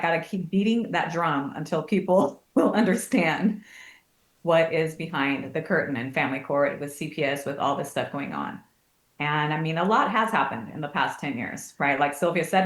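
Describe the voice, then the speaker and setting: A family advocate, this woman tells lively stories in a casual podcast interview, performing the voices of the people she quotes. Her voice sits low, her pace is moderate, and the recording has an echoey room sound.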